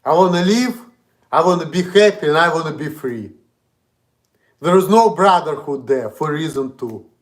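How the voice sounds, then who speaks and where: A man's voice: fairly high pitch, expressive, moderate pace. A man with a Russian accent, streaming an indignant, profane, repetitive rant. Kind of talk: ranting monologue.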